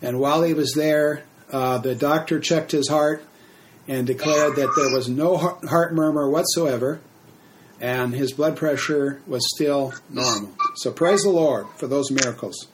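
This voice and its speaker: A middle-aged man preaching a sermon, telling a testimony at an unhurried pace with frequent fillers and restarts. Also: on the high side, background noise. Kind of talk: sermon teaching.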